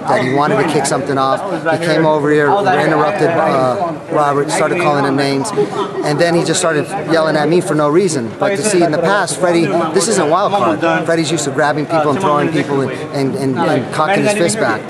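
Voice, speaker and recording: A man's voice: on the high side, fairly even intonation, a little fast, a loud crowd. A man defending himself in a heated interview, indignant and full of restarts. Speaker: boxing trainer. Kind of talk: heated press scrum interview.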